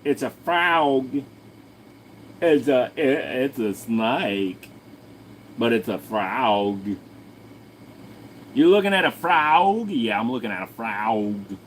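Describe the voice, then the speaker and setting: A man's voice: mid-range voice, a little hiss or hum. A man hosting his own channel, answering viewer questions in a rambling, crude, joking way. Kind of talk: casual livestream Q&A chat.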